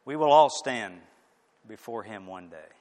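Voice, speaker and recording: A male preacher delivering a sermon in a slow, deliberate cadence, his voice sitting a little high and rising and falling with lively pitch. He swings between loud declarations and hushed lines, with a long reverb trailing behind him as in a large hall.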